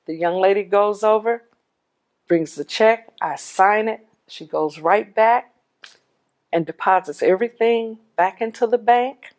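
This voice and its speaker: A middle-aged widow giving a personal testimony, telling her story in an animated way and acting out the dialogue. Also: medium pitch, measured pace.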